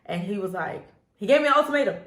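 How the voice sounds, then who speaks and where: A young woman tells a story from her childhood in a loose, animated way, often breaking into laughter. She speaks at a middle pitch on a casual parenting podcast. The room around her echoes noticeably. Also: quick pace. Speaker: podcast co-host.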